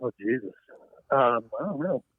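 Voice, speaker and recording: An Irish man from Ireland, a friend calling in to the podcast, chatty and quick to laugh. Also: mid-range voice, expressive, dry recording, phone-quality sound. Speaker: phone caller, friend of host.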